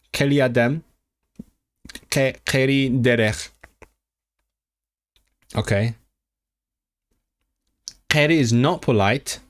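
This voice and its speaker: A man studying a language on a livestream, thinking aloud and repeating foreign words to practice them. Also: mid-range voice. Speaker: language learner streaming. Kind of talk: casual self-study livestream.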